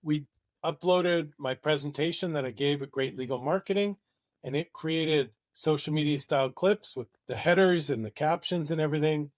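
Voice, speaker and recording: A man's voice: on the high side, moderate pace, dry recording, clean studio sound. A man presenting a marketing webinar, talking in an enthusiastic, conversational way.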